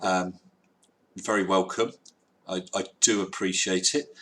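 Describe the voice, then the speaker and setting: A man's voice: low voice, level tone, a little slow, fairly bright tone. A man hosting a live stream, chatting casually and wryly reading out viewer comments. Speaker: livestream host.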